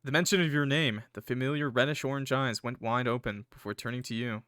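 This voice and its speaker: Young gaming creator, reads a visual novel aloud, jumps into loud swearing reactions, bright voice, dry close sound. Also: male voice, mid-range voice, quick pace, no echo. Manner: excitable, swears and yells in reaction.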